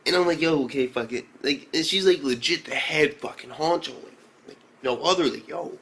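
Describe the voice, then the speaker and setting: A man reviewing an anime episode in a casual vlog, slangy and profane, talking with excitable energy. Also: on the high side, fairly quick.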